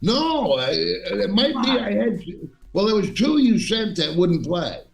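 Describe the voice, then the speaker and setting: A man's voice: high voice, sing-song, a little slow, gravelly, faint music behind. A man co-hosting a casual chat, telling rambling anecdotes. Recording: echoey room, distant mic.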